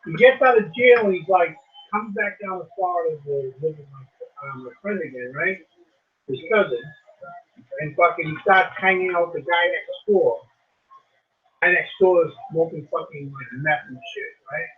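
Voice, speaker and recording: A man casually telling a long, profane story about a friend, acting out the quotes in an animated way. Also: a little high, moderate pace, phone-quality sound. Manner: rambling, profane, animated retelling with quoted voices.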